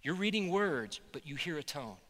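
A man, a pastor, preaching a sermon with animated storytelling. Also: fairly high pitch, moderate pace, big-room sound. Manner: animated storytelling, voicing quotes loudly.

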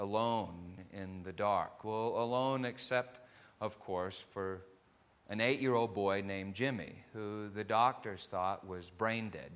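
A male preacher tells a story in a sermon at an unhurried, deliberate pace. His voice is bright and forward, and he moves from quiet narration to loud, fervent stretches. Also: lowish voice, clear, resonant tone, big-room sound. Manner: swells from quiet narration to loud impassioned pleading; slow, deliberate delivery with many pauses.

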